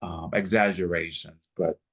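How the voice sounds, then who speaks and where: A man with a stutter, chatting as an interview guest in halting sentences with many restarts. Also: low voice, steady tone, fairly bright tone, low-quality recording. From Texas, United States. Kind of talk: casual interview chat.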